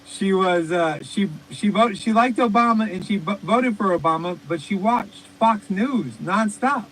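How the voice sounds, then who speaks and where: A man's voice: sits high, measured pace, slight background noise, poor audio. A man co-hosting a podcast, telling rambling, profane stories in casual comedic chat. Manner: rambling, profane, animated storytelling. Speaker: podcast co-host.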